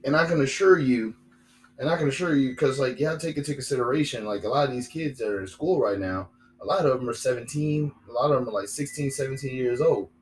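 A man's voice: mid-range voice, fast, a little hiss or hum, rough recording. A young man hosting a solo podcast, rambling and repeating himself with lots of fillers. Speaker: podcast host.

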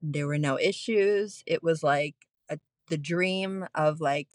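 A woman's voice: low voice, slow pace, no echo. A woman in her thirties, a nurse, candidly telling a personal story in casual chat with frequent laughs. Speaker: podcast guest, postpartum nurse.

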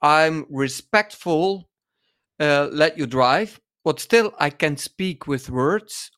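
A man co-hosting a dance podcast in casual conversation, often pausing to search for words mid-sentence. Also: on the high side, a bit bright.

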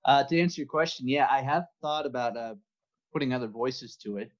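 A man's voice: mid-range voice, fairly quick. A man being interviewed as a podcast guest in casual chat, talking hesitantly with plenty of fillers. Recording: muffled lo-fi audio.

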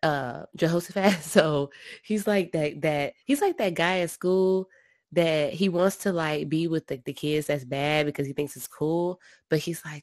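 A woman casually retelling Bible stories, slangy and animated, acting out the characters' lines. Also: sits low, unhurried, dry recording, studio quality. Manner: animated storyteller, slangy, acts out quotes. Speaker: podcast co-host discussing scripture. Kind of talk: casual Bible discussion chat.

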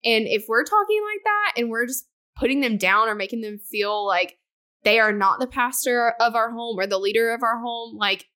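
A woman's voice: on the high side, moderate pace. A young adult woman co-hosting a podcast, chatting casually and acting out quoted exchanges with animation. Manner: animated, acts out quoted exchanges with her husband. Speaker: podcast co-host. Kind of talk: casual chat.

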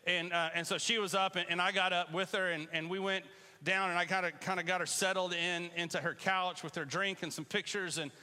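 A man preaching a casual, conversational sermon in a church, animated and bursting into loud calls to the congregation. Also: high-pitched, fairly quick, in a large hall. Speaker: pastor. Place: church sanctuary.

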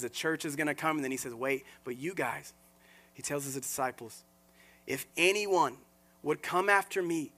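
A man preaching as lead pastor, earnest and animated, often repeating words and restarting phrases. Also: a little high. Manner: acts out quoted voices mid-sermon. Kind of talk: sermon.

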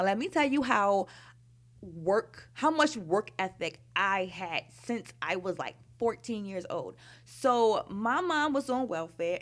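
Candid woman telling her story. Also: mid-range voice. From Baltimore, Maryland. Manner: frank, conversational, heavy use of "like" and "you know". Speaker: storyteller recounting her youth.

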